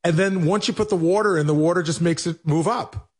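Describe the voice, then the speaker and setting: Husky, animated man telling a story. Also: on the high side, brisk. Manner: animated storyteller, acts out both sides, self-mocking. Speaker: radio show regular, producer.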